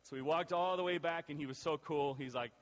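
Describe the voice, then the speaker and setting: A male pastor telling a personal story in a sermon, lively and acting out the voices of the people in it. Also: fairly high pitch, fairly quick. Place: church. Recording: long reverb of a church hall.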